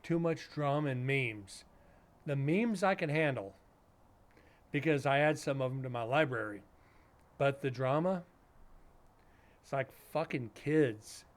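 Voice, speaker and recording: A male streamer talking casually to his chat, blunt and sarcastic, cursing often. His voice sits at an ordinary middle pitch for a man. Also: slow pace, long pauses. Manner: blunt, sarcastic, swears freely.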